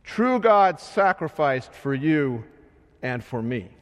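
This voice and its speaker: A man preaching a sermon in a slow, measured way, his voice swelling loud and then sinking soft. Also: on the high side, very animated. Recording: long hall reverb.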